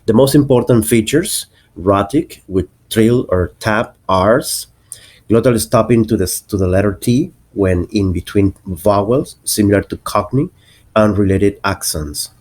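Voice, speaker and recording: A man narrating a lesson on English accents, explaining slowly and deliberately and spelling out example words. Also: lowish voice, a little mellow.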